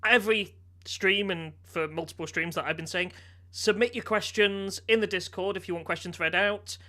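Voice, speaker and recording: A man from Wales hosting a podcast in casual chat, quick and teasing. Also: high voice, steady tone, sharp tone. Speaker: podcast host.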